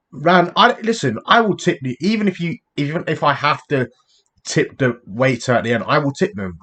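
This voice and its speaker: A man's voice: fairly high pitch, expressive, moderate pace, fairly bright tone. A British man hosting a reaction video, talking casually and bluntly to viewers and often calling them "man". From United Kingdom. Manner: chatty, blunt, addresses viewers directly with "man". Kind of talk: casual chat.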